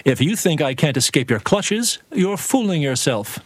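A man's voice: on the high side, big pitch swings, moderate pace, breathy edge, dry recording. A man presenting a playful word quiz on a radio show, joking and laughing often.

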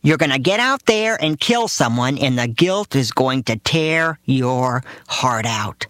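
A man voicing an overbearing, alarmist older father who shouts doom-laden warnings. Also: expressive, unhurried, dry recording, studio quality. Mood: ominous. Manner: shouting, ranting in a high strained voice.

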